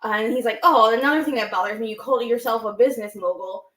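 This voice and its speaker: A woman co-hosting a wrestling chat show, retelling a promo line by line and slipping into the speakers' quoted words. Her voice sits a little high and carries the echo of a roomy space. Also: quick pace, fairly bright tone. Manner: recaps promos with quoted impressions. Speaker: podcast co-host.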